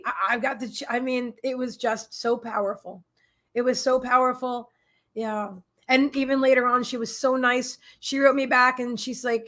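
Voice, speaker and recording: Chatty, rambling woman with a higher voice. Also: fairly bright tone. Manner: emotional, rambling, many restarts; talks to viewers in chat. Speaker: psychic livestream host. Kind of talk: casual livestream storytelling.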